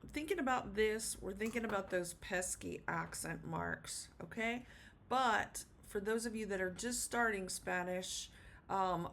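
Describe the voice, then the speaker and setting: A woman's voice: mid-range voice, creaky, fairly bright tone, a little hiss or hum. A woman teaching a Spanish lesson at a board, patient, with many "um"s and "okay?" check-ins.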